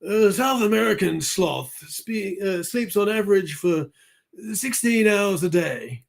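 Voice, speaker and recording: A man imitating an older male nature documentary narrator in a calm, measured delivery, heard from away from the microphone. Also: high-pitched, vocal fry, heavily acted. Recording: voice off the mic, distant.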